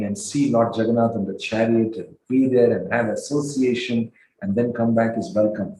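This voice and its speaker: A man giving a devotional sermon, telling a sacred story with lively storytelling and sometimes acting out the characters. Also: normal speed, a little hiss or hum. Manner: animated storyteller, acts out quoted dialogue with rising pitch and volume. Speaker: swami giving a festival discourse. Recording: roomy, echoey hall sound.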